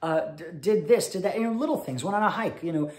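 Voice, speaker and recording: A man, a cabaret singer, giving chatty stage patter between songs and telling a story quickly, with many fillers. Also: sits high, animated. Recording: roomy sound over loud piano.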